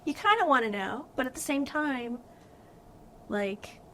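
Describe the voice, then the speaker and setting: A woman's voice: sits high, big pitch swings, a little slow, bright, forceful tone, slight background noise. A middle-aged woman from California hosting a podcast, talking in an earnest, chatty way with lots of fillers. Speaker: podcast host. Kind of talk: casual chat with guests.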